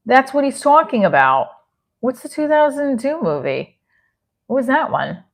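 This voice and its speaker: Her voice is high and sing-song, moving at a moderate pace as she hosts a relaxed livestream. She rambles through viewer comments, reading them out and replying spontaneously, with plenty of restarts and self-mocking asides, sometimes answering chat mid-sentence.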